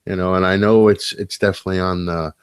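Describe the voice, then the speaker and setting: A man's voice: deep voice, fairly even intonation, fast talker, clean tone, no echo, clean studio sound. A man co-hosting a casual late-night podcast, opinionated and crude, often restarting his sentences. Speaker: podcast co-host. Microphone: webcam setup.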